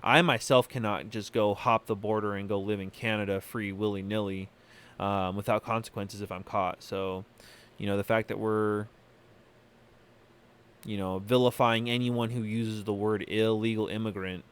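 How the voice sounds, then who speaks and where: A man hosting a podcast from California, giving opinionated solo commentary in a halting way, full of fillers and restarts. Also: on the low side, fairly even intonation, a little hiss or hum. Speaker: podcast host.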